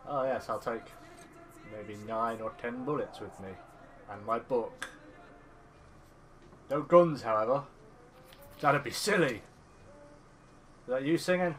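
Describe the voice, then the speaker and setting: A man's voice: mid-range voice, slow pace, long pauses, a bit bright, a little hiss or hum. A man hosting a let's play, giving sarcastic, joking commentary on the game and swearing often. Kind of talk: gameplay commentary.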